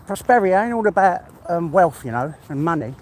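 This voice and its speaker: Brief: English man, walk-and-talk vlogger, out of breath, chatty and heartfelt, slightly higher voice, faint outdoor hiss. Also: lively intonation, brisk, a little mellow, poor audio. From England. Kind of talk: casual walk-and-talk monologue.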